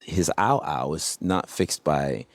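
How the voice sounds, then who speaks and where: A man guesting on an interview, telling stories in a relaxed way and often asking "you know what I mean". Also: rumbling low, takes it slowly, no room sound, studio quality. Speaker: guest, coach. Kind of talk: casual interview storytelling.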